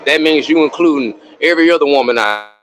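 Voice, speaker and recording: A man speaks as a guest on a livestream panel, with a lively voice that rises and falls widely. He argues and lectures, pushing each point back at the host. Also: a little high, fast, slight background noise. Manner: argumentative, lecturing. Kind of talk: livestream debate.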